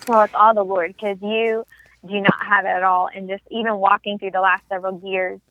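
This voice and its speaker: A woman's voice: medium pitch, flat delivery, brisk, dry recording. A young woman shares a heartfelt personal testimony as an interview guest. Her voice comes through a thin, phone-like line with no room sound at all. She speaks earnestly and steadily. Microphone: phone call. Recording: tinny phone line, dry.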